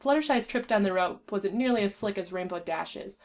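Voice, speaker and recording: A woman's voice: medium pitch, moderate pace. A woman reading a fan story aloud, stumbling and restarting now and then. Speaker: fan fiction reader. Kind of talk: casual reading aloud with voices.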